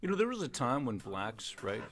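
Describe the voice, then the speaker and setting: A man's voice: medium pitch, big pitch swings, moderate pace, fairly bright tone. A middle-aged man hosting a livestream, talking in a rambling, emphatic way full of restarts. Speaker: streamer and host. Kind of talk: casual political chat on a livestream.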